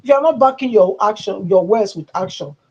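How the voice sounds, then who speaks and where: A woman's voice: mid-range voice, lively intonation, fairly quick, warm tone, husky. A woman with a Nigerian English accent hosts a livestream of political commentary. She talks in an emphatic, rambling way with a mocking streak, in a mid-range voice. The audio is slightly muffled and lo-fi. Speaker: channel host.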